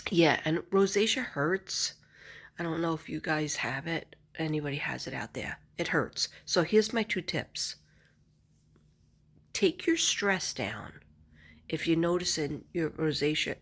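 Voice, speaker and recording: A woman's voice: deep voice, fairly bright tone. A middle-aged woman vlogger chatting casually to camera, rambling and laughing often.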